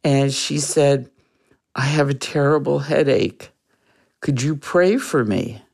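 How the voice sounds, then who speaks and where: Slow, earnest storyteller, unclear-sounding voice. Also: medium pitch, creaky. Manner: earnest, reflective, with soft laughs. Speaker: guest. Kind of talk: personal storytelling in an interview.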